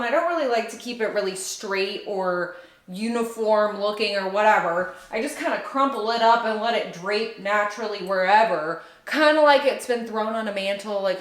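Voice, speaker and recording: A woman talking casually to her viewers while she decorates, upbeat and chatty, thinking aloud as she goes. Her voice sits at a middle pitch and carries a roomy echo, picked up by a camera set back while she moves around. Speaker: home decor vlogger. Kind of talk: casual decorating vlog chat. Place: home living room by a fireplace.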